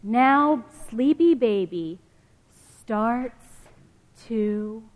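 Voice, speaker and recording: A woman reads a children's picture book aloud to a congregation. She takes it slowly, in a gentle, sing-song lilt and a fairly high voice. A long church-hall reverb trails after each phrase. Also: animated. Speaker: children's story reader at a church service.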